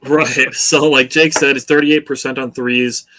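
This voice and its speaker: A man co-hosting a casual sports podcast, explaining his points in a measured, steady way and urging listeners to stay level-headed. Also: medium pitch, crowd noise. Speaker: podcast co-host.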